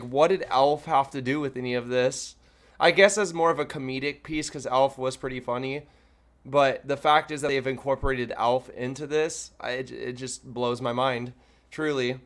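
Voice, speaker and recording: Casual man reacting, swearing. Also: mid-range voice. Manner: excited, swearing, loose. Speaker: reaction host. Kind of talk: casual commentary.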